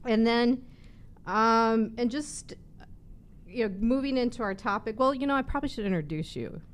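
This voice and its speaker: A woman's voice: a little high, normal speed. A woman hosting a live talk show, chatting casually and teasing her guest. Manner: chatty and teasing, laughs often. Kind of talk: casual chat.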